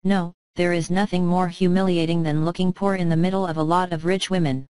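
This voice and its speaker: A woman reading aloud as a discontented young wife who longs for luxury, speaking with resentful, plaintive weight. The voice is low, smooth and close-miked in a dry sound. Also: flat delivery, brisk, a little mellow, no echo, natural voice. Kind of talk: storybook reading.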